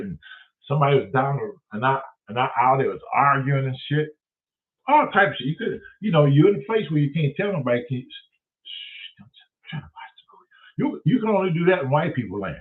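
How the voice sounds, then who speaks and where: Man, lively comic storyteller, higher voice, tinny and distant like a phone line. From Detroit, USA. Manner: profane, animated, acts out voices of others. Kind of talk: comedic storytelling.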